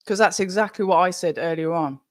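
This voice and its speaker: A woman hosting a live fight watch-along stream, chatty and excitable, talking straight to her viewers. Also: on the low side, fairly quick, dry recording. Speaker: livestream watch-along host.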